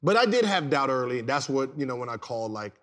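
A man in his thirties, a former pro basketball player, telling stories on a podcast in a casual, slangy way that turns loud and laughing. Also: mid-range voice, quick pace. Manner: animated, slangy, repeats words, gets loud and laughs while telling stories. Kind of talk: casual storytelling.

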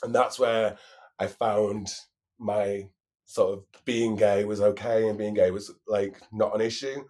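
A man from England's Lake District with a Northern English accent, chatting casually as a podcast guest, relaxed and quick to giggle. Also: fairly low pitch. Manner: relaxed, giggly, lots of fillers. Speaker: guest, drag performer. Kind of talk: casual chat.

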